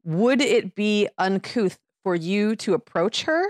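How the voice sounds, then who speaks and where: A woman's voice: mid-range voice, expressive, takes it slowly, no echo, clean studio sound. Playful woman asking mock-formal questions. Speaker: podcast co-host. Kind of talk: casual chat.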